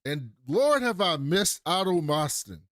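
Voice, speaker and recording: A man's voice: fairly high pitch, big pitch swings, unhurried, fairly bright tone, no room sound, studio quality. A man co-hosting a casual podcast, recapping a TV episode and acting out the characters' lines in playful voices. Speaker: podcast co-host.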